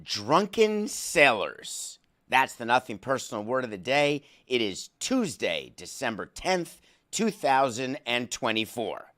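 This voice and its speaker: A man's voice: mid-range voice, sharp tone. Sarcastic sports podcast host, a man. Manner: sarcastic, comic asides. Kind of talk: monologue.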